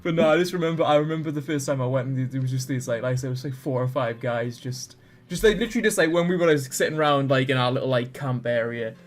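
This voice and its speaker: A man's voice: medium pitch, quick pace, a little hiss or hum. A young man on a podcast, telling a story casually with lots of fillers and restarts. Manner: rambling, full of "like" and restarts. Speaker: podcast guest. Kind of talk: casual chat.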